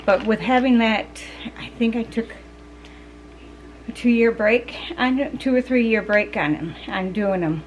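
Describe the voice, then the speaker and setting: A middle-aged woman chatting casually to her viewers in a rather high voice. She rambles, restarts her sentences and leans on fillers as she goes. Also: slow pace, soft background music, poor audio. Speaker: vlogger. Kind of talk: casual chat to camera.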